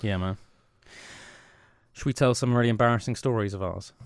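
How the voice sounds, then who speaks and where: A man's voice: on the low side, a little fast, no echo, clean studio sound. A young man, co-hosting a podcast as a rambling, self-mocking storyteller. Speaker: podcast co-host. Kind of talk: casual chat. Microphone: studio mic.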